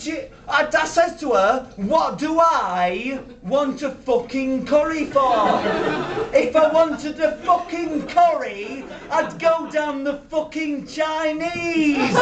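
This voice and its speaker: A man in his thirties playing a nerdy, petulant male sci-fi fan with a Yorkshire accent, shouting and stammering his way through live character stand-up. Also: slow, distant mic. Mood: ranting. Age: 30s. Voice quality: high, shouty, stammering and indignant. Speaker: comedy character performer. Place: small theatre stage with a live audience. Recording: roomy live venue from afar, audience.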